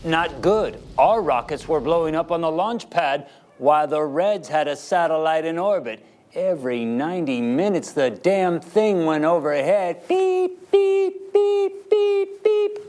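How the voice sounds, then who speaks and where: A man delivering a mock newscast and documentary narration with a deadpan, mock-serious tone. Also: fairly high pitch, moderate pace. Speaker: comedy news anchor and narrator.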